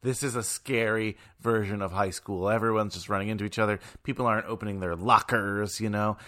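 Bright-voiced podcast co-host man. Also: on the low side, fairly quick. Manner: rambling, animated, lots of fillers. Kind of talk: casual film discussion.

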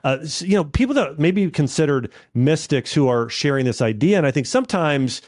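A man hosting a podcast interview, affirming his guest and thinking out loud as he talks. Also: a little high, expressive, brisk, dry recording, studio quality. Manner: affirming, thinks aloud with restarts. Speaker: podcast host. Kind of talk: interview conversation.

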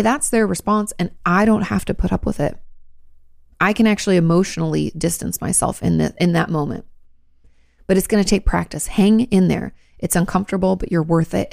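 A woman's voice: on the low side, vocal fry, a little mellow, dry recording, clean studio sound. A woman therapist giving direct, reassuring advice in answer to viewers' questions. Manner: direct and reassuring, coaching the listener.

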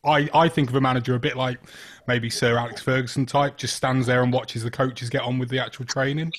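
Male host, casual interviewer, mid pitch, unhurried and wordy. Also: little pitch movement. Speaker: podcast host.

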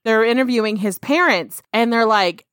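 A woman's voice: on the high side, moderate pace, smooth, no room sound, studio quality. A woman co-hosting a podcast, recapping a TV series in casual chat, acting out the characters' lines and laughing often. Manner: animated storytelling, acts out quotes, laughs often. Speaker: podcast co-host.

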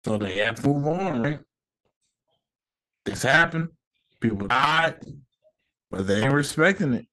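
A man's voice: medium pitch, lively intonation, measured pace, long pauses, bright, forceful tone. A man hosting his own podcast, talking casually with lots of slang and swearing, giving heated opinions. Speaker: podcast host. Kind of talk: casual solo podcast rant.

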